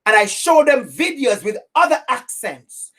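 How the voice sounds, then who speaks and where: A woman's voice: high voice, lively intonation, unhurried, fairly bright tone. A woman with an accent giving an impassioned webinar talk as an anti-racism educator, speaking directly and repeating phrases for stress. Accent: non-native English accent.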